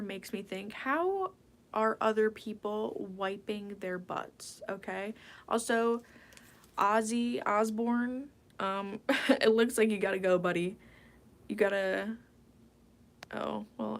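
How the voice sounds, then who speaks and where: A woman at a mid-pitched speaking level runs a casual ASMR livestream. She answers her viewers in a playful, meandering way and often drops into a breathy whisper. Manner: casual rambling, drifting into whispered asides; chatty and playful, reading viewer questions aloud. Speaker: ASMR livestream host reading chat.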